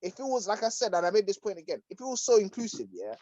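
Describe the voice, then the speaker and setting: A man co-hosting a casual podcast chat, breaking in with quick agreements and extra points. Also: high-pitched, very animated, dark tone, no room sound, muffled recording. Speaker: podcast co-host.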